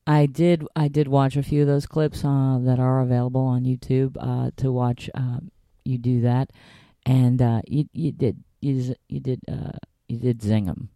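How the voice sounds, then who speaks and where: A man's voice: medium pitch, level tone, normal speed, hardly any pauses, warm tone, no room sound, studio quality. A male comedian hosting a casual chat, talking animatedly with many stammering restarts and bursting into playful voices. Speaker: podcast host and comedian.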